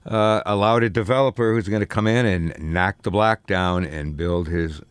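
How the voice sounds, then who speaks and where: A man's voice: sits low, steady tone, moderate pace, clean tone, no room sound. An older man hosting a radio music show, talking in a rambling, laid-back way with lots of hesitations and fillers. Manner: rambling, many filler ums and restarts. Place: radio studio.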